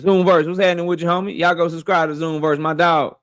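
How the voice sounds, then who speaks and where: Man, livestream host, casual slang, greeting viewers, slightly high voice, dry close mic. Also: steady tone, quick pace, clear, resonant tone, no echo. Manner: shouting out viewers by name, slangy and loose.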